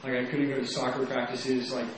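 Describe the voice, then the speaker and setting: A young man from Texas tells his own story in a loose, rambling way, leaning on "like" again and again. His voice sits at an ordinary pitch for a man. He is heard from some distance in a very echoey room, with faint noise behind him. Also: little pitch movement, fairly quick. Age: young adult. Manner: casual, rambling, heavy use of "like". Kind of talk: personal testimony.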